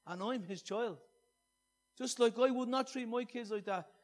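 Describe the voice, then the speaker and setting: Male preacher with a high voice, earnest, shifting from loud emphasis to hushed scripture. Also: moderate pace. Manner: earnest, swinging between loud emphasis and soft hushed reading. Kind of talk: sermon.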